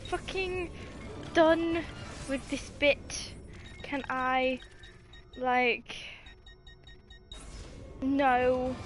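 A woman giving casual let's-play commentary, exasperated at the game, swearing and laughing at herself. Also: sits high. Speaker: gaming video host.

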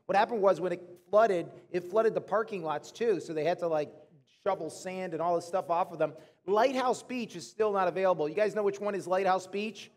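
High-voiced pastor preaching in a reverberant hall. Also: male voice. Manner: animated, chatty storytelling to the congregation. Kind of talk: sermon. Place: church auditorium.

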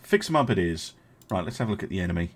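A young man casually commenting as he streams a strategy game, thinking aloud, chatting with his viewers and filling pauses with many ums and uhs. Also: deep voice, sing-song, husky.

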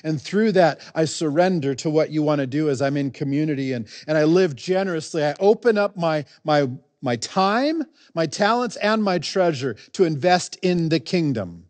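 Brief: man preaching, casual and animated storyteller, dry close recording. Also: on the high side, moderate pace, few pauses, no echo. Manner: conversational, animated storytelling, acts out quoted dialogue. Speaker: pastor. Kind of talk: sermon with personal storytelling.

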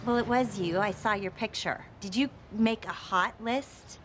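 A woman's voice: medium pitch, measured pace, a bit bright, slight background noise, close to an everyday voice. A woman playing a ranting hot-tempered mom. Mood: taunting. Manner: ranting, taunting, then flustered apologies. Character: hot-tempered pregnant mother, fortyish, quick to rant. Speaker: mother. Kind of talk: film comedy acting.

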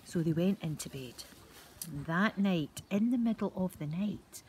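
An older Scottish grandmother spins a story for little ones at home, gentle and lively, pausing to pull the children in. Her voice sits fairly low, with a faint hiss of background noise. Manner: gentle, animated, drawing children in. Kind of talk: telling a bedtime story to children.

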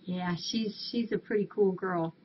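A woman's voice: medium pitch, steady tone, a little slow. A woman volunteering at a cat rescue, chatting casually on a live stream and cooing affectionately at the cats. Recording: dull lo-fi stream audio, faint hiss.

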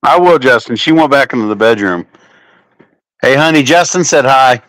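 A man hosting a relaxed home livestream, spinning crude, swear-heavy stories. His pitch at a middle height jumps all over as he talks. The sound is dry and close. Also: normal speed, no echo. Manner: crude, profane storytelling with lively swings in pitch. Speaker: livestream host. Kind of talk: casual chat.

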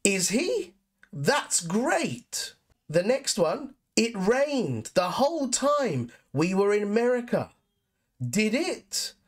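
Woman, English teacher, lesson narration, very slow, expressive pitch. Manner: clear, deliberate explanations with example sentences.

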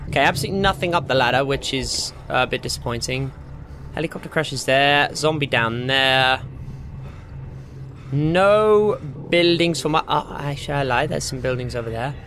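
A man's voice: mid-range voice, moderate pace, a bit bright, a little hiss or hum. A young man giving rambling, jokey gameplay commentary, talking to himself as he plays. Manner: rambling, jokey self-talk. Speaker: gaming channel host.

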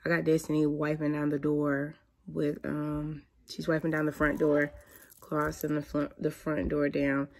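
A woman, chatting casually to camera as a mother and vlogger, animated and prone to high squeals of excitement. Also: normal speed, gravelly.

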